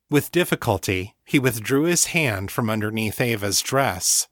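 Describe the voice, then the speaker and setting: Man, audiobook narration, slow, measured, dry close mic. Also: fairly low pitch, lively intonation, fairly bright tone, no echo. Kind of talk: scripted narration.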